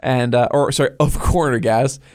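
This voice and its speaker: A man's voice: medium pitch, fairly even intonation, normal speed, darkish tone. A young man co-hosting a podcast in casual, rambling chat, laughing often. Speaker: podcast co-host.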